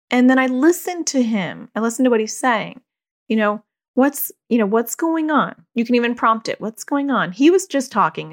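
A woman, a parent who hosts a podcast, talking candidly in a loose, conversational way and often saying "like". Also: a little high. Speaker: podcast host. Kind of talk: casual reflective parenting talk.

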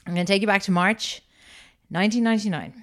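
A woman's voice: medium pitch, quick pace, a bit bright. A woman co-hosting a podcast, telling a story in a rambling casual way with many fillers. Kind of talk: casual chat.

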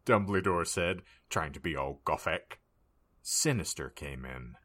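A man's voice: very deep voice, animated, measured pace, fairly bright tone. A man hosting a comedy podcast, narrating a dramatic reading in a wry, mock-earnest manner.

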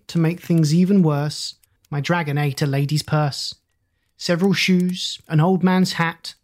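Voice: mid-range voice, darkish tone. A reader reciting rhyming children's poems in a rhythmic storytelling manner with whispered asides.

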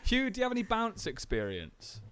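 A man's voice: high voice, huge pitch swings, moderate pace, fairly bright tone, clear, resonant tone. A man co-hosting a podcast, joking around in casual chat. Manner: playful, jokey. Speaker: podcast co-host.

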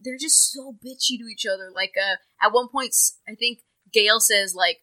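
A woman with a bright, slightly high voice chatting casually as a podcast co-host. Her delivery is dry and wry, with frequent swearing. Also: moderate pace. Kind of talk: casual recap chat.

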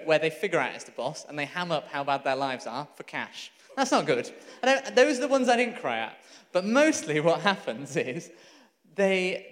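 Animated male preacher in a reverberant hall. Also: a little high. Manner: animated storytelling with laughs and asides. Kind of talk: sermon.

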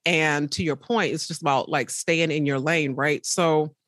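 Woman, 30s, podcaster, lively storytelling, dry close sound. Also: unhurried, no room sound. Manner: animated storyteller acting out quotes with big pitch jumps; faith-filled, calls listener baby. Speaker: podcaster and speaker. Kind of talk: casual interview storytelling.

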